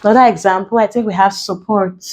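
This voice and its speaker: A woman with a Nigerian English accent tutoring an exam-prep lesson, slow and deliberate, repeating key points as she writes on a board. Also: mid-range voice, fairly even intonation, rough recording.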